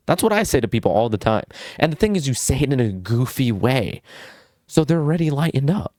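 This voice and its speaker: A man's voice: mid-range voice, sing-song, fairly quick, darkish tone, dry recording, studio quality. A young man vlogging casual social advice, goofy and full of swearing and fillers. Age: young adult.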